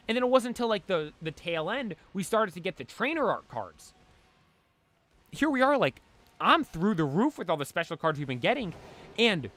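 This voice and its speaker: A man's voice: sits high, fairly bright tone. A man chatting casually on a live stream, rambling and talking straight to his chat. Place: cold room at home.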